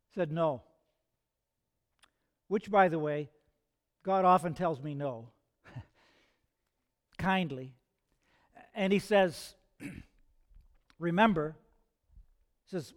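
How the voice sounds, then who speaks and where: A man preaching a sermon in an earnest, conversational way, asking his listeners rhetorical questions. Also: high-pitched. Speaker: pastor.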